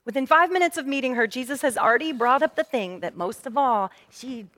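Female pastor, fairly high voice, chatty storytelling sermon, long church reverb. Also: a little fast. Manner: lively, conversational storytelling. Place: church sanctuary.

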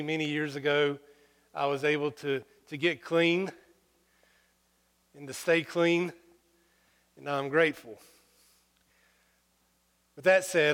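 A man preaching a sermon through personal stories, folksy and humorous, halting with fillers. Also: on the high side, a bit bright, clear, resonant tone. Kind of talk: sermon storytelling. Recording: long hall reverb.

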